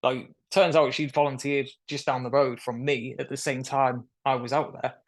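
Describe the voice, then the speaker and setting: A young man tells his story in a casual, animated way. His voice sits at a middle pitch. He is on a video call and jumps into the voices of the people he quotes. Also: moderate pace. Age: young adult. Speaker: guest.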